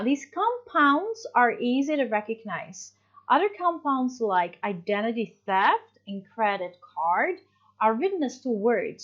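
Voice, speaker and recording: A woman's voice: fairly high pitch, fairly bright tone, lo-fi sound. A woman English teacher giving a recorded lesson, explaining patiently and checking in with her students as she goes.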